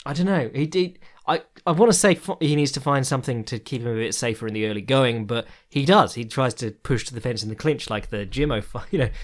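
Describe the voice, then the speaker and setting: A man chats loosely through his podcast commentary, full of ums and restarts. He swears freely and laughs now and then as he rambles on. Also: medium pitch. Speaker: podcast host.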